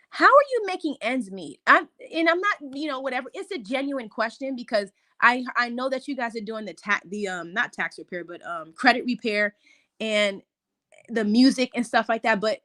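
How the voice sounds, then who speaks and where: A woman, herself a mother, giving a casual, opinionated recap of a reality show into a close microphone, with sudden excited jumps in pitch. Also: moderate pace. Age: adult, a mother. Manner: chatty, opinionated, animated rises in pitch.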